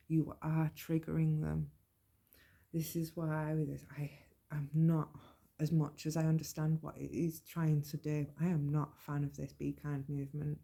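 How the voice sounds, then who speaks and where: A woman giving an earnest, measured personal monologue about mental health. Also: deep voice, creaky, mellow. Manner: earnest, measured, plain-spoken. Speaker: podcast host.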